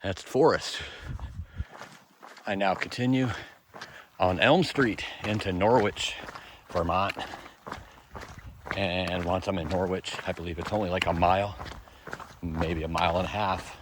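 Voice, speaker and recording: A man's voice: low voice, steady tone, measured pace, long pauses, background noise. A man vlogging while he hikes a long trail, chatty and upbeat, laughing at his own mishaps as he walks. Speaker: thru-hiker vlogger. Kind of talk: casual hiking vlog narration. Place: outdoors on a trail and town streets.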